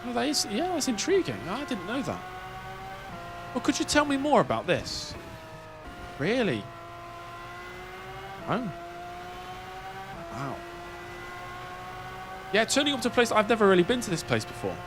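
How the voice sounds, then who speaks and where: A man's voice: high voice, wildly swooping pitch, unhurried, long pauses, over music, voice pushed up, exaggerated voice. A man putting on an overly polite, fawning voice for a pretend conversation. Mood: gushing. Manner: effusive, eager, fawning.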